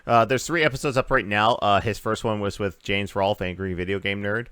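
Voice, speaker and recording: A man's voice: lowish voice, fairly even intonation, brisk, a bit bright, clear, resonant tone, dry recording. A man hosting a casual gaming podcast, rambling through news with lots of uhs and restarts. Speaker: podcast host.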